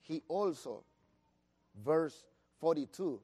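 A man's voice: a little high, slow pace, mellow, slightly rough. A man preaching a sermon, telling the story with animation and acting out the disciples' voices, with some non-native phrasing.

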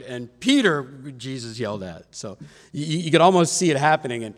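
A man preaching a conversational sermon, retelling scripture in a lively way. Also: medium pitch, brisk, in a large hall.

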